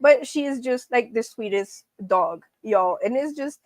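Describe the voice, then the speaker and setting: A woman's voice: fairly high pitch, animated, measured pace, darkish tone, no echo. A woman hosting a casual live stream, chatty and laughing often as she talks to her viewers as friends.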